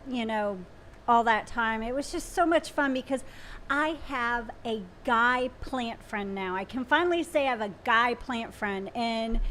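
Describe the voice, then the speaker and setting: A woman with a Southern US accent co-hosting a casual live chat, bubbly and quick to laugh. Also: on the high side, a bit bright, slight background noise. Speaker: co-host.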